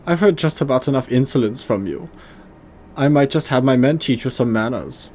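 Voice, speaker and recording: A man's voice: medium pitch, lively intonation, normal speed, a little mellow, slight background noise, pitched above the performer's own voice, lightly acted. A man voicing a sneering, arrogant male extremist leader with a put-on German accent and a foppish, mocking manner. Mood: commanding.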